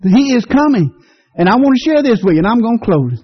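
A man's voice: sing-song, racing, breathy edge. A middle-aged man, preaching a sermon in a folksy, fervent way, his voice leaping upward when stirred. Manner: folksy, fervent preaching with sudden rises in pitch. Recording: dull lo-fi radio broadcast.

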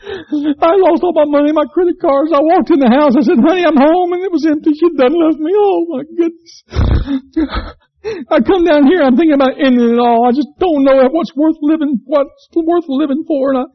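A preacher doing a broken man at a bar, voice high and cracking as he lists his woes through sobs. The recording is dull and lo-fi. It is a comic bit inside a sermon. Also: moderate pace. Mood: despairing. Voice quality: whiny, tearful. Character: sobbing despairing man at a bar.

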